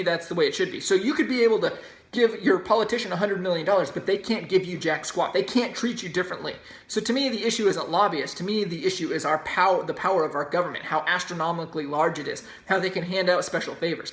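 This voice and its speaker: A man's voice: fairly high pitch, a bit bright. A man hosts a solo opinion podcast and argues his points emphatically, in a ranting, insistent way. His voice carries a noticeable echo from the room around him. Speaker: podcast host. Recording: roomy echo.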